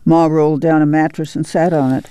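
A woman narrates an audiobook softly and quietly. Her tone is mellow and dark. The sound is dry and close. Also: deep voice, steady tone, brisk, clean tone, dry recording.

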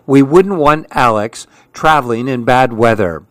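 Man reading as old grandfather, muttering, relieved, storybook voice, slow and unhurried. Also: mid-range voice, a bit bright, dry recording, natural voice. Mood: concerned. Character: grandfather worried about weather.

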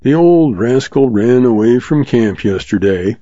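A man voicing a smooth-talking young cowboy with an earnest, folksy drawl, read from a storybook. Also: mid-range voice, animated, a little slow, warm tone, dry recording, dull audio.

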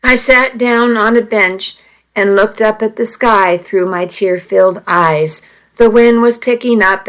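A woman tells a first-person story in an audiobook, in a measured, earnest way. She reads slowly, her pitch sitting in the middle range. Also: rough recording. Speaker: narrator.

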